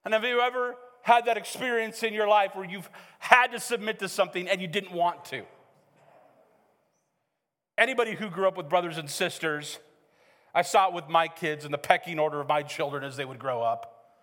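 A middle-aged male pastor preaching a sermon in a church, animated and joking, acting out quotes as he tells stories. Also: sits high, moderate pace. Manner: animated, joking storyteller who acts out quotes. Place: church sanctuary. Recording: hall reverb.

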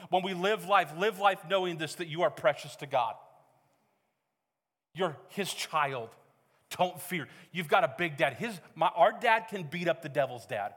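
A man's voice: on the high side, measured pace, fairly bright tone. A middle-aged man preaching a sermon as pastor, conversational and joking with the congregation. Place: church hall. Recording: reverberant church hall.

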